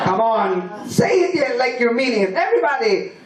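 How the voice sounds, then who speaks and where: A man giving a motivational seminar talk, leading the crowd in slow, emphatic chants. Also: very high voice, big pitch swings. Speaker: seminar speaker. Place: large hall with live audience. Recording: roomy hall from far off, crowd.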